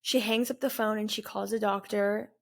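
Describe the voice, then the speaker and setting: A woman in her twenties, a vlogger, candidly recounting a personal story in an earnest, halting way with pauses. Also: medium pitch, steady tone, creaky. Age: 20s.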